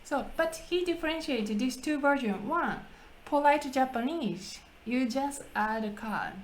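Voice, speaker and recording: A woman hosting a casual language-practice chat, talking slowly, laughing often and restarting her phrases. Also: sits high, expressive, a little hiss or hum, low-quality recording. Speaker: English conversation partner and host.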